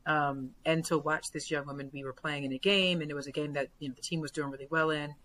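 Earnest low-voiced woman coach. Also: fast talker, a little hiss or hum, poor audio. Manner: earnest, many fillers, builds to excited retellings. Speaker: basketball coach. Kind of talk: podcast guest conversation.

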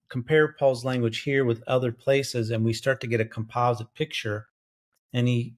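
A man co-hosting a Bible study podcast, lecturing on Greek grammar and thinking aloud with frequent fillers and self-corrections. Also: medium pitch. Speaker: biblical scholar co-host. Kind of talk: academic bible study discussion.

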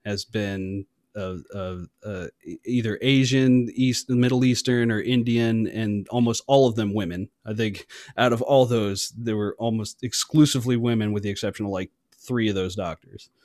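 A man's voice: lowish voice, moderate pace, few pauses, a little mellow, no echo, studio quality. A young adult man telling profane stories in casual chat, trailing off and laughing often. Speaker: army veteran.

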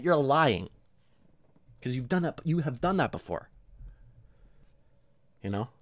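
A man's voice: medium pitch, expressive, unhurried, long pauses, no room sound. A man hosting his own show in a casual solo monologue, rambling, swearing and mocking himself with lots of energy. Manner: rambling, profane, self-mocking. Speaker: podcast host.

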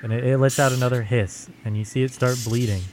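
A man's voice: medium pitch, fairly even intonation, fast, very noisy. A man narrating a tabletop game as game master, in a casual, loose way full of fillers. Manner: casual, laid-back narration with many "like"s.

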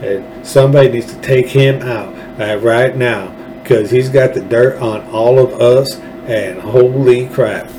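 A man's voice: medium pitch, a little slow, hardly any pauses, mellow, slight background noise, low-quality recording. Blunt, profane man ranting. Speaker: political talk show host. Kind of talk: ranting solo commentary.

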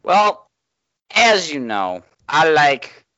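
Lively, playful man hosting a podcast. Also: fairly high pitch, extremely slow. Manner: playful, jokey phrasing. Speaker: host. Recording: dry, dull lo-fi sound.

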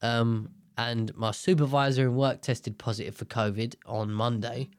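A man's voice: mid-range voice, fairly even intonation, moderate pace, no echo, studio quality. A young man telling a rambling, self-mocking story in a casual monologue.

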